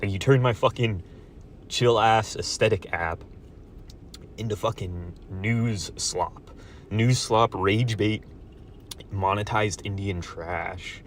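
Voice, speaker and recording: A man in a profane solo vlog rant, swinging between loud outbursts and low muttered asides. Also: slow, pauses often, slight background noise. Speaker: vlogger.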